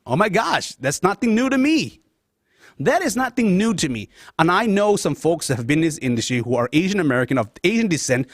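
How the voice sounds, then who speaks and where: Speaking straight to his audience and calling them "guys," a middle-aged talk show host from Laos, a Lao speaker, gives a passionate and emotional personal monologue. His pitch is fairly high, captured in a clean studio with no room sound.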